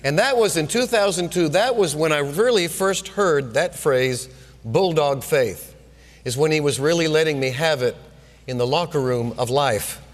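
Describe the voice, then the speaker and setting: A man's voice: a little high, normal speed. Male pastor in a reverberant hall. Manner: personal storytelling with frequent restarts. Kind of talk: sermon.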